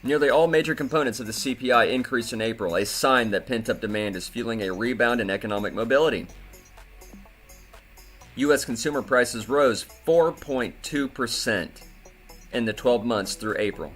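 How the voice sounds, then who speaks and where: A man's voice: medium pitch, moderate pace, a bit bright, soft background music. A man hosting a crypto commentary video, talking in an indignant, profane way and often repeating himself. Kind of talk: angry commentary rant.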